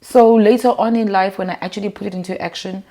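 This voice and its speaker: A woman's voice: medium pitch, fast. A woman from Zimbabwe, chatting at home as an interview guest and animatedly telling stories about her life. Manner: animated, acts out quotes with lively voices. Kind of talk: casual storytelling chat.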